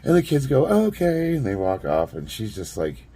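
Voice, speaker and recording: A man's voice: low-pitched, very animated, fairly quick, warm tone, breathy edge. A middle-aged man telling a story in a casual vlog, rambling, chuckling now and then, with lots of fillers. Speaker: vlogger.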